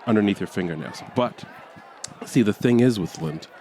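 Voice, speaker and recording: Low-voiced guy doing deadpan standup, sighs a lot, faint crowd and street noise behind. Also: normal speed. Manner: rambling, mock-somber, sighing between lines. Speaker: stand-up comedian.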